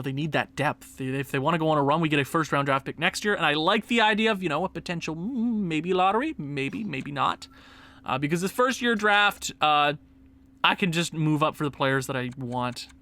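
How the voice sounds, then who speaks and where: A young man commentating his own video game play, excitable and quick to yell and laugh at the screen. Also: fairly high pitch. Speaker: gaming YouTuber.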